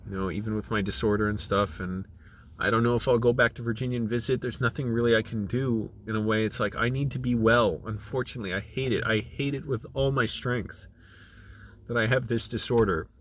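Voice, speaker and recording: A middle-aged man, choked up, talking in a halting, emotional way, with many restarts and fillers. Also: mid-range voice, fairly even intonation, a bit bright, a little hiss or hum. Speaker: channel creative director. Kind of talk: personal video diary.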